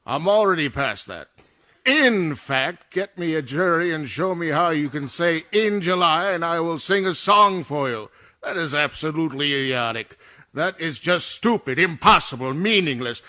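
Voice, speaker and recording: A man's voice: fairly high pitch, animated, moderate pace, sharp tone. A man doing a pompous Orson Welles, indignant. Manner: imperious, indignant, fussy over word readings. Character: pompous irritable male star actor recording ads. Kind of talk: comedic voice-over session re-enactment.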